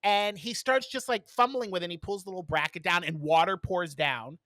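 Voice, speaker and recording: A man co-hosting a podcast, telling stories in casual chat with lots of ums and quick laughs. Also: sits high, bright, forceful tone, no echo. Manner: storytelling with many fillers and laughs. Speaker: podcast co-host.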